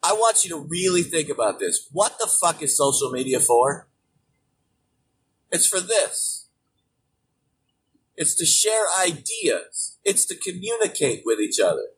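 Male host, high voice, profane political rant, distant mic. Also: sing-song, measured pace, pauses often. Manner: angry, swearing constantly, emphatic, bursts into shouting. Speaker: show host. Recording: distant mic with faint background noise.

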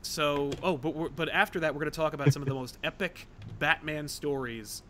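A man's voice: a little high, fairly even intonation, brisk, fairly bright tone, a little hiss or hum. A man hosting a podcast, chatting casually about comics with lots of fillers and stories. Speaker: podcast host. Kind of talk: casual chat.

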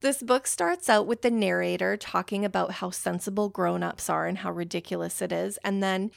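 A young woman hosting a casual book-review podcast, talking in an excitable, rambling way full of "like" fillers and getting easily worked up. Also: mid-range voice, moderate pace, vocal fry, no echo, studio quality. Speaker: podcast host.

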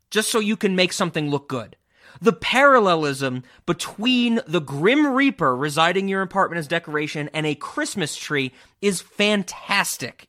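A man with a high, sharp voice hosts a casual film-discussion podcast over a remote call with cameras off. He's enthusiastic and rambling, cursing casually as he goes.

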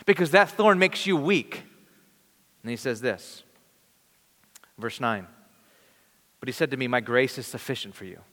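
A man's voice: mid-range voice, expressive, a bit bright. Earnest man preaching in a hall. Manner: earnest, conversational preaching with dramatic pauses. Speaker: pastor. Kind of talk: sermon. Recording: long reverb of a large hall.

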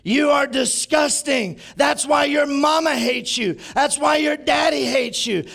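A man imitating a furious male street preacher who shouts condemnations. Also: extremely high pitch, unhurried, vocal fry, voice pushed up, exaggerated voice. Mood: ranting. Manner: shouting, ranting.

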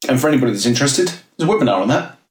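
A man's voice: medium pitch, lively intonation, very fast, reverberant, distant mic. A man hosting a podcast in a laid-back, casual chat, laughing easily and swearing now and then. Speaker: podcast host.

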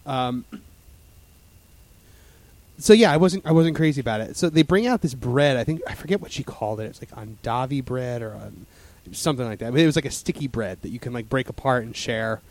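A man's voice: mid-range voice, brisk, a little mellow. A man in casual chat as a podcast host, rambling with lots of fillers and restarts.

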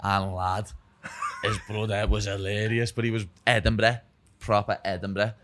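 Deep-voiced Scouse man, blunt and sweary. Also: little pitch movement, moderate pace, noisy background. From England. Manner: blunt and sweary, keeps adding 'lad' and 'know what I mean'. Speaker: podcast guest. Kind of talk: casual chat.

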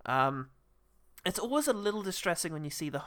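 Man, podcast co-host, film chat, lively pitch, bright tone, laughs a lot. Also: fairly quick. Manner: chatty, laughs often, trails off mid-sentence. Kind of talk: casual film review chat.

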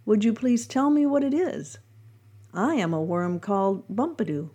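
A woman voicing a timid, stubborn male caterpillar who thinks he is a worm, in a storybook reading, with a mellow tone. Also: mid-range voice, lively intonation, normal speed, breathy edge.

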